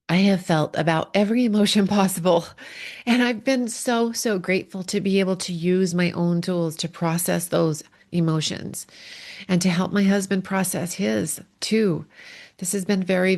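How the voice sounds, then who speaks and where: A middle-aged woman relationship coach speaking in a heartfelt, emotional podcast monologue, sometimes pausing to steady herself. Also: fairly low pitch, creaky.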